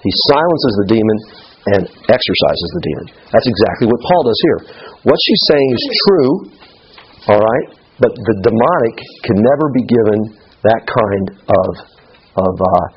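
A man's voice: fairly low pitch, lively intonation, a little slow. A middle-aged man teaching a Bible study lesson in a conversational way, often checking in with his listeners, in a slightly muffled recording.

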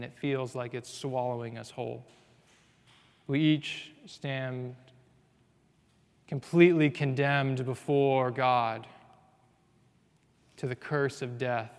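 Earnest preacher in a reverberant hall. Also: male voice, medium pitch. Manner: earnest, swings from hushed to loud and emphatic. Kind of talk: sermon. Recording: long reverb of a large hall.

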